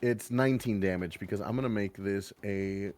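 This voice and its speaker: Low-voiced man playing a tabletop game. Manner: relaxed, halting with many ums. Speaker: player. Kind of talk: casual tabletop game chat.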